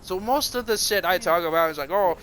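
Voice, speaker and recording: A streamer telling a crude, rambling, self-mocking comic story. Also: male voice, high-pitched, lively intonation, fast talker, a bit bright, slight background noise.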